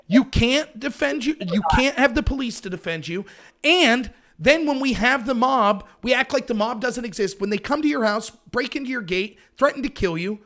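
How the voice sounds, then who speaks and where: A man's voice: expressive, normal speed, fairly bright tone. An American man hosting a political call-in show, arguing emphatically and mocking opponents. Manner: emphatic, argumentative, mocks opponents in high voices. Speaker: show host.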